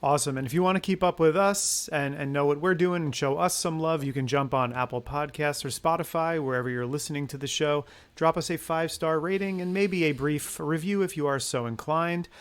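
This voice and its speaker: A man's voice: fairly high pitch, brisk, few pauses. A man hosting a movie podcast, upbeat and chatty, making plugs and thanking his guest with frequent fillers. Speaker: podcast host. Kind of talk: casual podcast outro.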